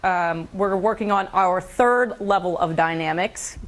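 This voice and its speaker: A woman teaching a school band class, giving brisk directions with frequent fillers. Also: on the low side. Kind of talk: classroom instruction.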